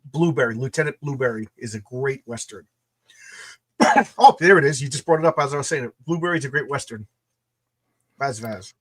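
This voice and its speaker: A man's voice: mid-range voice, a little fast, long pauses. An American man co-hosting a casual livestream chat, enthusiastic and often repeating words as he thinks. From United States. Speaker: co-host of a comics show.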